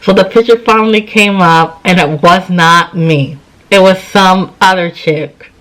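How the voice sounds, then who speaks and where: A tired, yawning vlogger in her thirties tells a personal story to camera in a casual storytime, chatting away and acting out both sides of old conversations with quoted dialogue. Her voice is fairly low and a bit bright, her pace measured, and the recording is low quality.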